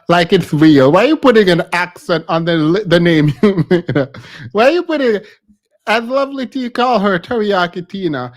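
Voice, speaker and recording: Brief: American male commentary host, high voice, hoarse from overuse, incredulous and laughing often. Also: animated, normal speed. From United States. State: losing his voice. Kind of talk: reaction commentary.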